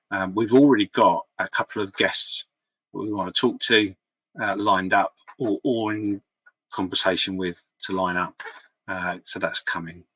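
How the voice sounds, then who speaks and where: Male hobby vlogger, husky and forceful, rambling candid update, dry close sound. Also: fairly low pitch, no echo, poor audio. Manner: rambling, full of ums and restarts, candid and apologetic. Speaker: scale-model hobby vlogger. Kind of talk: casual update talk to camera. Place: home hobby room by his model shelf.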